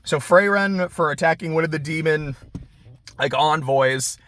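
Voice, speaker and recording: A man's voice: a little high, a bit bright. A man casually recapping an anime episode, swearing and briefly acting out the characters. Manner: laid-back, swears, acts out characters in quick voices. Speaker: anime reviewer. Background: lawnmower.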